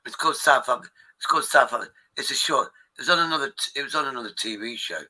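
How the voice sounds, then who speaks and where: A man's voice: mid-range voice, fast talker, bright, forceful tone, poor audio. A man hosting a live stream, rambling in casual chat with his viewers, swearing freely and restarting his sentences often.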